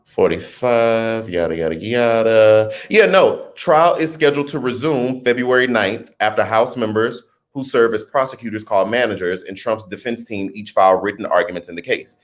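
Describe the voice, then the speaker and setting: A man hosting a casual livestream, reading viewer comments and joking with loud laughter. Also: mid-range voice, normal speed, few pauses. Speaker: host of a political livestream.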